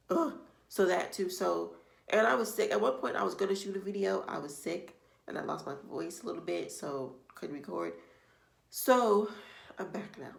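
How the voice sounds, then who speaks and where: A woman's voice: fairly low pitch, brisk, gravelly. A woman beauty vlogger giving casual makeup tips to the camera, chatty and meandering, often circling back with "like I said". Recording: echoey room.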